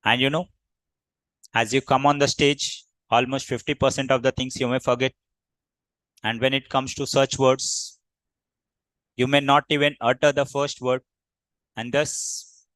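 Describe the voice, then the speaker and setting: A man's voice: medium pitch, steady tone, measured pace, pauses often, fairly bright tone, no room sound, rough recording. A man from India teaching a public speaking class, speaking in an instructive, repetitive way and stressing his key words. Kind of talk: classroom lecture.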